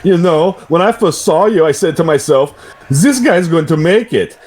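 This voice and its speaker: A man's voice: on the high side, lively intonation, moderate pace, darkish tone, voice pushed up. A man reading a cocky wrestler's taunting promo in a hammy, clumsy way. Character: cocky, sneering male wrestler cutting a promo.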